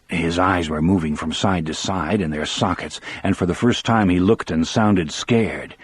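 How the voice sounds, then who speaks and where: A man narrating an audiobook in the first person with a measured, steady delivery. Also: low-pitched, husky, no room sound.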